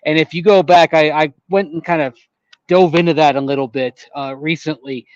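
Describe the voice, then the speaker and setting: A man co-hosting a sports radio show, explaining calmly and at length. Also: a little high, moderate pace, no echo, highs cut off. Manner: calm, explanatory, with fillers and restarts. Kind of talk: measured sports talk analysis.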